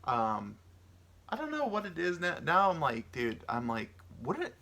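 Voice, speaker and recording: A podcast host in his thirties rambles through a solo chat, meandering, musing aloud and swearing casually, sounding tired from lack of sleep. His voice is a little high, creaky and sharp, with wildly swooping pitch and an unhurried pace.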